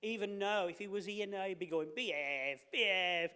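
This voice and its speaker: A man's voice: sits high, steady tone, fast talker, smooth. Man, councillor tribute, rambling, chatty, reverb. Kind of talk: tribute speech in a council meeting. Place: council chamber. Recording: echoey council chamber.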